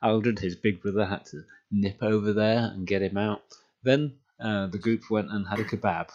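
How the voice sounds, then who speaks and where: A man's voice: fairly low pitch, normal speed, darkish tone. A man running a tabletop game, recapping in a chatty way with many ums and dry jokes. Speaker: game master. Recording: dull lo-fi audio.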